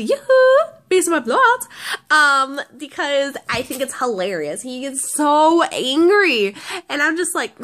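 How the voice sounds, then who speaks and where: A woman's voice: high voice, a bit bright. A woman vlogger telling a story casually, rambling with lots of restarts and fillers.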